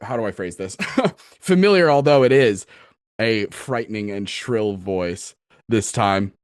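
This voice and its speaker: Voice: deep voice, a little slow, no room sound, clean studio sound. A game master narrating a tabletop game, giggly and playful, improvising descriptions as they go.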